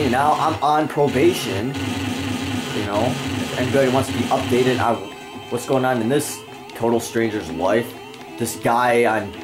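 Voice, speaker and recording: A young man playing a video game and ranting, irritable and constantly swearing, with game music behind him. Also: medium pitch. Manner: foul-mouthed, irritable, ranting. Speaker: gamer. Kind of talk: profane let's-play rant.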